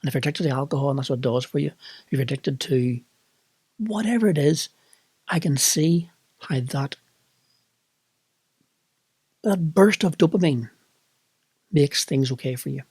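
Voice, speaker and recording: A man's voice: a little high, lively intonation, normal speed, long pauses, darkish tone, slightly rough, no room sound. A middle-aged man with a Northern Irish accent, candidly recounting a personal experience in a reflective monologue. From Northern Ireland. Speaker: vlogger.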